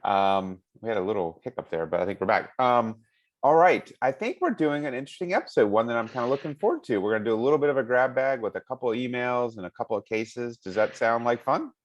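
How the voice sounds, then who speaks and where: A man's voice: mid-range voice, lively intonation, quick pace. A man hosting a medical podcast, chatting casually and reading a listener's email aloud with frequent laughs. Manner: chatty and amused, laughs often. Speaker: hand surgeon podcast host.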